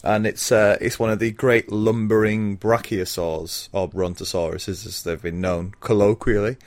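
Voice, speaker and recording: A man with a low voice chats casually about films on a podcast. He laughs often and hesitates with plenty of ums. He sounds like he is in his thirties. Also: steady tone, moderate pace, darkish tone. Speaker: podcast co-host. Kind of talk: casual film podcast chat.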